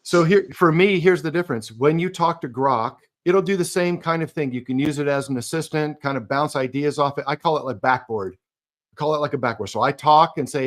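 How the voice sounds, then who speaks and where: A man's voice: on the high side, fairly quick. A man co-hosting a business podcast, eager, explaining step by step with frequent restarts. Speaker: co-host. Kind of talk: casual podcast chat.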